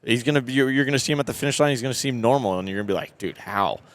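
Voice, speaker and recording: A man's voice: medium pitch, rapid-fire. A man who is an off-road racer, speaking earnestly as a guest in a casual podcast interview at a trade show and restarting his sentences often.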